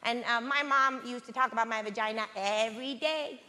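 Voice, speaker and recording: High-voiced woman comic in an echoey hall. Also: fairly quick. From Latin America. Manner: high, distinctive voice she jokes about, deadpan then bursting out. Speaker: stand-up comedian. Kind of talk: stand-up routine. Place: large theatre stage. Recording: echoey hall with loud crowd noise. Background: audience laughter.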